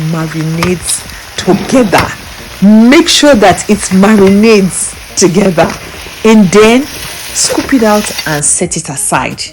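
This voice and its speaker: A young cooking vlogger walks through a recipe in her home kitchen, her voice mid-range and a little mellow. She's emphatic and playful, repeating the key steps for emphasis.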